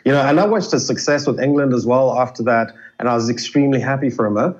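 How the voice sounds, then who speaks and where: A man recounts stories as a guest in a relaxed interview, his voice sitting at an ordinary middle pitch. He talks in a loose, chatty flow, leaning often on "you know". The audio is a little dull and lo-fi. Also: fast talker. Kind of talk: casual storytelling in an interview.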